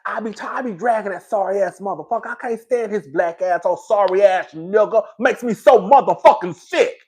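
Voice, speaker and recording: A man's voice: sits high, fairly quick, a little mellow, breathy edge. A man hosting a casual live stream, chatting in a dramatic, slangy way and laughing often. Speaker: livestream host.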